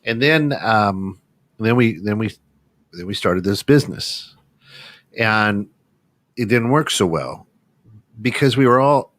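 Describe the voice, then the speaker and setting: A man's voice: lowish voice, animated, slow, pauses often, fairly bright tone, no echo. A man hosting a casual radio talk show, telling a long story in a loose, rambling way with many restarts. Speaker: radio station owner and co-host. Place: small radio studio.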